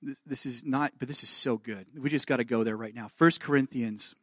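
A man's voice: mid-range voice, fairly quick, fairly bright tone, dry recording, clean studio sound. A male pastor preaching a sermon, earnestly checking in with his listeners, reading scripture aloud with rising fervor and dropping into self-deprecating asides.

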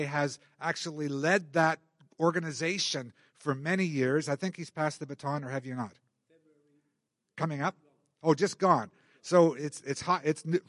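A pastor welcoming the church and introducing the guest speakers, talking with many pauses and restarts. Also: male voice, fairly high pitch, a bit bright, dry recording, studio quality. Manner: halting, many fillers and restarts.

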